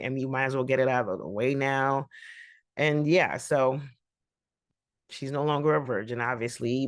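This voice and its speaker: A woman's voice: rumbling low, no room sound, clean studio sound. A woman vlogger giving a rambling, colloquial recap of a TV episode, with laughing asides. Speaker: TV reaction vlogger.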